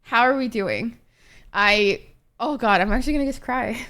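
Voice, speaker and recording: Chatty, fairly high-voiced young woman streamer. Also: normal speed, slight background noise. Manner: chatty and expressive, swears freely, many fillers. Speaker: Twitch streamer. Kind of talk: casual livestream chat with viewers.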